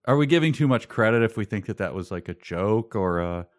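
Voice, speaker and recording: A man co-hosting a podcast, chatting casually about a book with a wry, sarcastic manner and halting restarts. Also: lowish voice, lively intonation. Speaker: podcast co-host.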